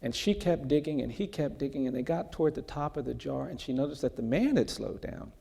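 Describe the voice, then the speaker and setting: Gravelly man telling a story onstage. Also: medium pitch, animated, mellow. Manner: measured, earnest storytelling. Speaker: guest speaker, justice advocate. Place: large event hall with audience. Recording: long hall reverb.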